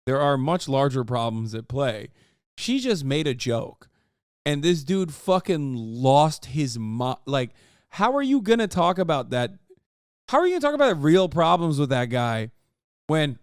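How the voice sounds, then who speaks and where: A man's voice: a little high, animated, a little slow, smooth, no room sound, clean studio sound. A man in his thirties streaming, reacting to a video with profane, sarcastic ranting. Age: 30s. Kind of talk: casual livestream commentary.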